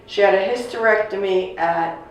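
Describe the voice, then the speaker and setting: A woman in her sixties casually telling a family story, animated and acting out the voices of the people she quotes. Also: mid-range voice, normal speed. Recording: echoey room, distant mic, faint noise.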